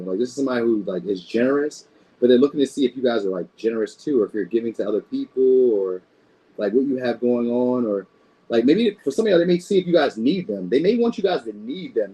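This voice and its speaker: Man, casual tarot reading, warm low-toned voice, slightly husky, rambling, cusses a lot. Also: low-quality recording. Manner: loose, rambling, swears freely. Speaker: tarot reader.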